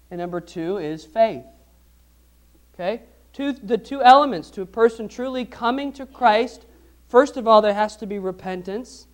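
A man preaching a sermon as pastor, asking the congregation questions and repeating phrases for emphasis. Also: high voice.

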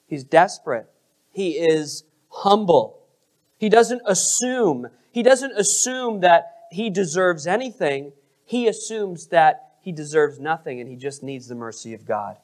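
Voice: mid-range voice, lively intonation, a little slow, darkish tone. A pastor preaching a sermon, asking the congregation questions and stressing words expressively.

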